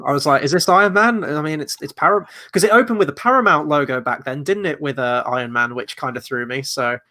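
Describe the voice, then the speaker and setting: Man, quiz co-host, rambling and jokey, mid pitch. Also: fast talker, bright, forceful tone. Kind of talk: casual quiz chat.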